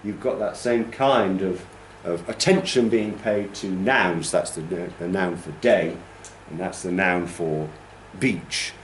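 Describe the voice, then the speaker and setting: With a deep voice and a slow pace, a man who trains teachers lectures a classroom with hardly any pauses, explaining patiently and asking "okay?". He demonstrates rhythms by humming and counting. The room echoes, and there's slight background noise.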